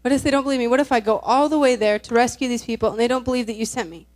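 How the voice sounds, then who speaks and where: A woman's voice: medium pitch, fast, a little mellow, no room sound, natural voice. A woman voicing a self-doubting biblical shepherd who anxiously pleads and repeats his questions.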